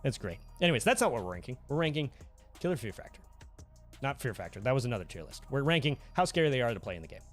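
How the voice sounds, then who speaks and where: With a mid-range voice and a fast delivery, a male livestream host chats goofily with his viewers while faint music plays. He's animated, reads chat messages aloud, and laughs a lot.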